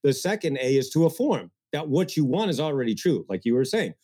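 A man speaking as a guest coach in an interview, energetic and getting worked up, with mocking asides. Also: medium pitch, fairly quick, breathy edge. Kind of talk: animated interview talk.

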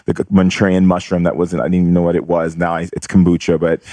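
Brief: man with a very low voice, earnest storyteller, close dry sound. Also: level tone, fast talker, warm tone, no room sound. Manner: earnest, re-enacts voices in quotes. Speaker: guest. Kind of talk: personal storytelling in conversation.

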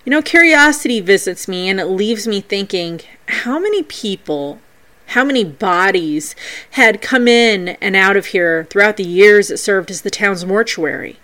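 This podcast host speaks at a normal speed in a mid-range voice, recounting paranormal investigations from a script with an animated, playful storytelling flair.

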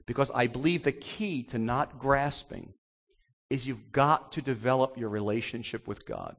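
A male pastor preaching an animated sermon and acting out the voices in the stories he tells. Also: medium pitch, normal speed, in a large hall.

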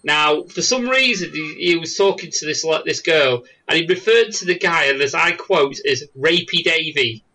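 A man's voice: on the high side, lively intonation, normal speed, hardly any pauses, sharp tone, low-quality recording. A man hosting a casual podcast over a voice call, telling stories animatedly and laughing often. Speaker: podcast host. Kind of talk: casual chat. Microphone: Skype call.

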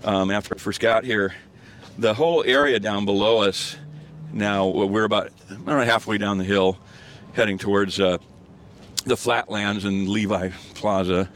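A fairly low but fairly bright voice, fairly even in intonation and moderate in pace, belongs to an older man telling a casual, rambling story on a hillside walk. The guest storyteller laughs often and keeps restarting, with many fillers, against slight background noise.

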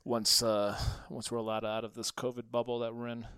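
A man's voice: medium pitch, level tone, a little fast, a bit bright, clean tone, dry recording. A man hosting a podcast, chatting casually and joking playfully with his guest on a close microphone. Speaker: podcast host. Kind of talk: casual chat.

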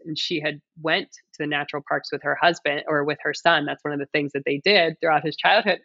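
A woman's voice: sits low, steady tone, a little fast, creaky, few pauses, a bit bright, dry recording, highs cut off. A woman in her thirties, a mother and coach, talking earnestly as a podcast guest, with many "like"s and "right?"s. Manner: earnest, heartfelt, frequent "like" and "right?". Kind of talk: reflective interview conversation.

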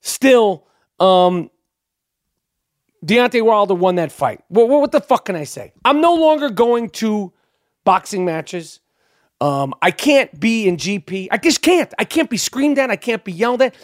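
A man's voice: high voice, very animated, a little slow, dry recording, clean studio sound. A man hosting a podcast, delivering a heated, profane, unedited rant and repeating himself as he gets worked up. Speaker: podcast host.

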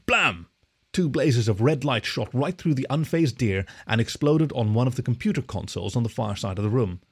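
A man reading a story aloud as narrator, in an expressive, animated way. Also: medium pitch, vocal fry, breathy edge. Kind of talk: scripted narration.

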